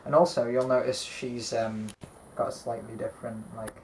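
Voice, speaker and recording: A man's voice: mid-range voice, little pitch movement, normal speed, a little hiss or hum, poor audio. A man chatting casually at home about his collection, rambling with lots of ums and frequent swearing. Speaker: doll collector and co-host. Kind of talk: casual chat showing a collection.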